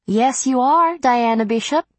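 A woman's voice: medium pitch, very animated, unhurried, no echo, pitched above the performer's own voice. A woman doing a cold witch with a strange accent. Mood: mocking. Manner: matter-of-fact, superior. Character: cold, mocking female witch.

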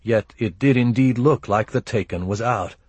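A man reading a first-person audiobook narration in a measured, grim, low-key manner. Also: darkish tone, husky, no room sound.

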